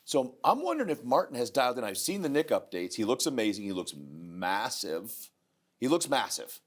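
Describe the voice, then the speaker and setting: A man co-hosting a casual talk, sharing opinions in an expressive way. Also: medium pitch, normal speed, breathy edge. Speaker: co-host. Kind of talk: casual bodybuilding chat.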